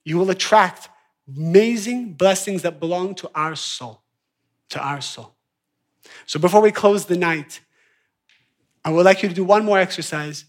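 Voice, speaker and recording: A man with a high-pitched voice teaches an evening class. He is animated, dropping to quiet mutters and then rising to loud, excited bursts as he acts out everyday scenes. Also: measured pace, long pauses. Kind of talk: lively class lecture with acted-out examples.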